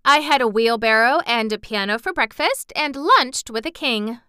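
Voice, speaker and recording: A woman's voice: fairly high pitch, expressive, normal speed, sharp tone, clear, resonant tone, no room sound, clean studio sound, pitched above the performer's own voice. A woman doing an eager little girl. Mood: earnest.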